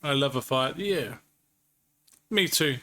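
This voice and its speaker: A man's voice: mid-range voice, expressive, slow, sharp tone. A man streaming a card game live, chatting casually with viewers and swearing now and then. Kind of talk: live-stream gaming commentary.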